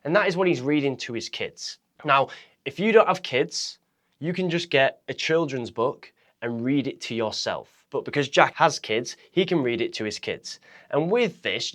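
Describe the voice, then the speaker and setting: Man coaching with big vocal swings. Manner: swings pitch, volume and pace on purpose to demonstrate; direct, energetic, addresses viewer as you. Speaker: public speaking coach. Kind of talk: instructional talk to camera.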